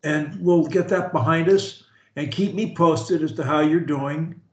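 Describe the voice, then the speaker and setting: A man's voice: fairly high pitch, fairly even intonation, measured pace, echoey room, dull audio. A male speech coach on a call, encouraging and emphatic.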